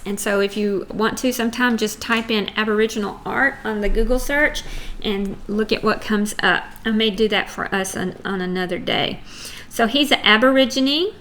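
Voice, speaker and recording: Middle-aged woman teacher, Texan accent, bright voice, chatty lesson, screen recording. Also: medium pitch, moderate pace, a little hiss or hum. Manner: chatty, explains to young students. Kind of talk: recorded online geography lesson.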